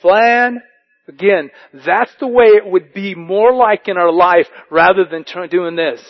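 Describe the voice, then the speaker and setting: A male pastor preaching, his voice sitting a bit above the usual male range. He moves between slow scripture readings and lively storytelling. The recording sounds muffled and lo-fi. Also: high-pitched. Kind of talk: sermon.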